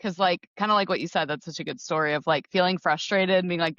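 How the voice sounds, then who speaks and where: A woman's voice: lowish voice, fast talker, a bit bright, no echo. Upbeat woman podcast host, slightly muffled. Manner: upbeat, lots of affirming mm-hmms. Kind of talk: casual conversational interview.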